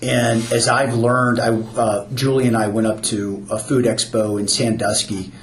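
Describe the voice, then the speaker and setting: A man's voice: mid-range voice, little pitch movement, unhurried, slight background noise. A man, a new business owner, talking earnestly in a casual podcast chat and often repeating words as he starts sentences. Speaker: new owner of an ice cream stand. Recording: roomy with faint background ambience.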